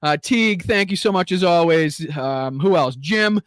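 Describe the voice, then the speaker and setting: This political show host has a high voice with lively intonation, a moderate pace, and a fairly bright tone, captured in studio quality with no echo. Speaking with a Boston accent, he delivers profane, rowdy livestream commentary, laughing and thanking viewers while breathing hard.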